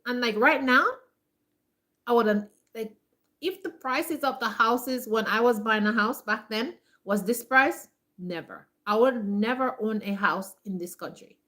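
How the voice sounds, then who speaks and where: This homesteading vlogger is ranting at her viewers, giving a casual pep talk in a somewhat high, sharp voice. Emphatic and repetitive, she leans heavily on "like" and briefly impersonates others in quick asides.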